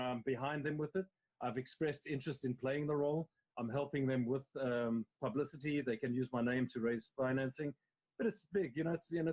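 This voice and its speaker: A South African-accented actor chats in a live interview from home over a video call, streamed on a mobile phone, so the recording is low quality. His voice is medium-pitched and a little mellow. He rambles in long, emphatic runs, restarting often.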